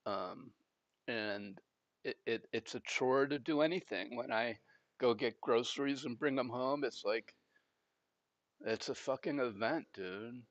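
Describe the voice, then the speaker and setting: A man's voice: mid-range voice, unhurried, no room sound, lo-fi sound. Man, out of breath, rambling casual gaming chat, frank, dry close sound. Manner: rambling and frank, with frequent fillers and restarts. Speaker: gaming channel host. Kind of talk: casual chat while playing a video game.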